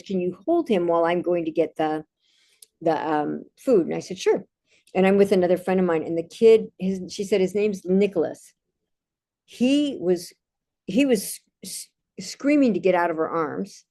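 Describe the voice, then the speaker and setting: A woman speaks in a low, gravelly voice with a mellow, dark tone. She tells personal stories in a relaxed, casual monologue, pausing and restarting often. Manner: calm, anecdotal, with frequent restarts. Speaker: meditation speaker.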